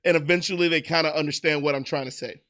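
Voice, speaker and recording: A man's voice: on the high side, steady tone, fast talker, bright, forceful tone. A man chatting casually on a livestream, loose and profane, laughing at himself as he answers viewers. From United States. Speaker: streamer.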